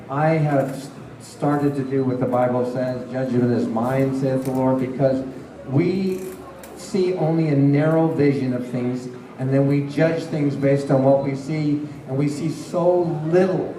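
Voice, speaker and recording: Recorded from afar in an echoey hall, a man with a mellow, slightly high voice entertains a convention Q&A crowd. He spins chatty stories that draw frequent laughs.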